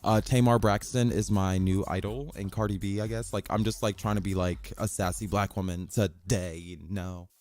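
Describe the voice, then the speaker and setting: A man hosting his own podcast in a casual monologue, sassy and profane, swinging his pitch up and down as he jokes. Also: steady tone, normal speed, few pauses, a little mellow. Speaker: podcast host.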